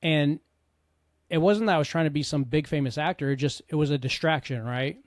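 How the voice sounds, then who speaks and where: A man's voice: on the high side, a little fast, no echo, clean studio sound. A middle-aged man, a podcast host and coach, telling his personal story in an earnest, conversational way with frequent asides.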